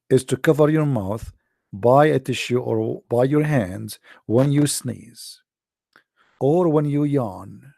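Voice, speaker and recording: Gravelly man with a mocking tone. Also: mid-range voice, warm tone, no room sound, clean studio sound. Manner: mocking, theatrical, with mock sneezes and sung lines. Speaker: online religious commentator. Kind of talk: sarcastic monologue.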